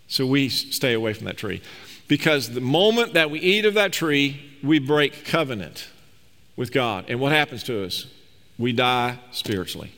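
In a big hall with long reverb, a man preaches as pastor, reading from scripture and unpacking it with a forceful, rising delivery. His medium-pitched voice is a bit bright, with lively intonation at normal speed.

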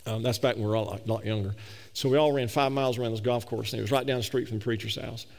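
A middle-aged male pastor tells a story from the pulpit in a folksy, animated way, repeating himself as he goes. His voice sits at an ordinary male pitch, and long reverb from a large sanctuary trails after every phrase. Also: racing, creaky. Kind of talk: storytelling sermon.

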